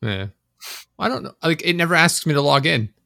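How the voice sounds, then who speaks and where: A man on a casual podcast rants about everyday annoyances and swears freely. He acts out his own exasperated inner voice as he goes. His bright, forward voice sits dry and close on the mic. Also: a little high, lively intonation, brisk, gravelly, dry recording. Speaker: podcast co-host. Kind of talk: casual chat.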